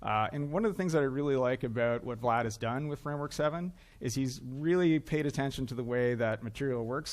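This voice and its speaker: A man giving a conference talk on stage, chatty and self-deprecating, with frequent uhs. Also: medium pitch. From Canada. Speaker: conference speaker. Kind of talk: joking tech conference talk. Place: conference hall, live audience.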